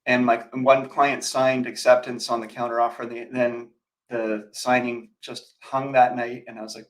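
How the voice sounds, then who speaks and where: A man's voice: mid-range voice, little pitch movement, normal speed, poor audio. A man co-hosting a real estate show in casual chat, rambling with fillers and restarts. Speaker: real estate agent, co-host.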